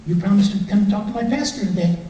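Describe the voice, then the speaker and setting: A cheerful wife coaxes and reminds, voiced by a man in a lifted, higher pitch. The sound is echoey and distant, as if from the back of a hall. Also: fast, mellow, slight background noise, lightly acted. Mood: coaxing. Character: cheerful wife gently reminding her husband.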